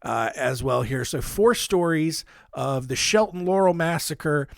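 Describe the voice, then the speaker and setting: A man's voice: on the high side, lively intonation, measured pace, gravelly, no echo, clean studio sound. A man hosting a casual history podcast, telling stories in a rambling way with self-deprecating asides, holding his own microphone. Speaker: podcast host. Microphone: handheld microphone.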